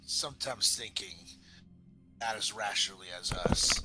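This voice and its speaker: A man's voice: on the low side, unhurried, over loud music, voice pushed down, lightly acted. A man voicing a blunt, battle-worn male sailor veteran in a tabletop game, folksy and courtly with lots of fillers. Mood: praising. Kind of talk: in-character tabletop role-play.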